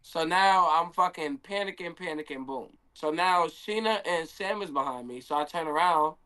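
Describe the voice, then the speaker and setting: A man's voice: fairly high pitch, moderate pace, bright, forceful tone, clean tone. A young man, a handball player, telling a story in a casual stream Q&A and acting out his own quotes.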